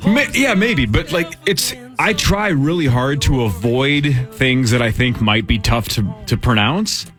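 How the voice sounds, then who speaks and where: A man's voice: mid-range voice, a little slow, soft background music. A man hosting sports radio banter, teasing his co-hosts. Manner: teasing, animated. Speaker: radio show host.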